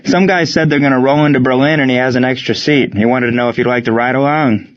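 A man's voice: medium pitch, fairly even intonation, fast, highs cut off, lightly acted. A man voicing Ray, an eager young sailor teammate passing on news. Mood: excited. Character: young male navy ballplayer, eager.

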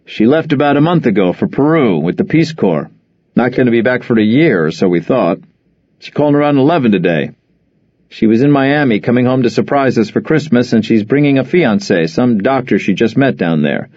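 Weary stubborn middle-aged guy, man reading, curt and flat, dull dry audio. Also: medium pitch, brisk, no echo, close to an everyday voice. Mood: explaining.

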